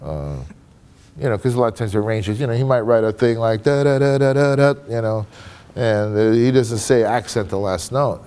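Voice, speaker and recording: Speaking fairly quickly in a lowish, warm voice, the guest trumpet player keeps things loose and candid on a casual panel. "You know" and "man" pepper his talk, delivered in a conference room before an audience.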